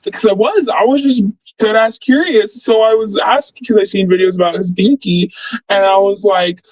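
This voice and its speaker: A woman's voice: medium pitch, moderate pace, a little mellow, no room sound, poor audio. A young woman telling a story casually, rambling and filling with "like" and "blah, blah.". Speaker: former friend recounting events.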